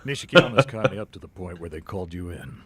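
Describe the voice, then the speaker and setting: An actor playing a serious middle-aged male crime-family lieutenant in a video game, calm and measured. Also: deep voice, crowd noise. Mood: grave. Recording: game audio with faint noise.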